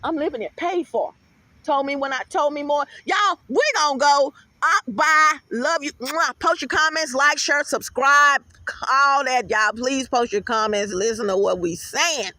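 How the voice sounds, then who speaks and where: Fields: woman, high voice, dry sound. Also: measured pace, no echo. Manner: animated storytelling, addresses viewers as y'all. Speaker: host. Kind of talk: casual interview chat.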